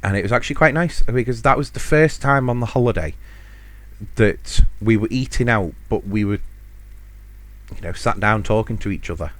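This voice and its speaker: A low-voiced man chats casually into a dry, close microphone. He rambles through stories, pokes fun at himself and chuckles often. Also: normal speed, a bit bright, no echo. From United Kingdom. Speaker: podcast host. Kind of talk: casual solo storytelling.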